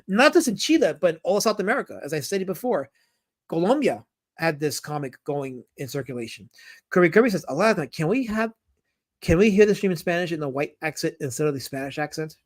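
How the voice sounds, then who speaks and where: Guy streaming and reading chat, high voice, jokey and animated. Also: a little fast. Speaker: streamer and comic creator.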